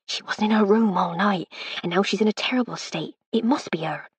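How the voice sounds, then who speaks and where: A woman voicing a nervous young housemaid who hesitates, breaks off and drops to hushed tones in an audiobook. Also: medium pitch, a little fast, slightly rough, no room sound.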